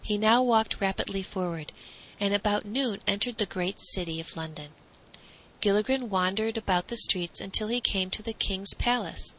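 A woman narrating a classic storybook in a calm, measured reading. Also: medium pitch, poor audio.

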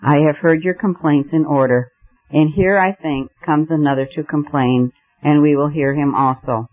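A man reading the part of a huge, grave older man who leads calmly, speaking slow and measured, on a muffled lo-fi recording. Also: on the high side, natural voice.

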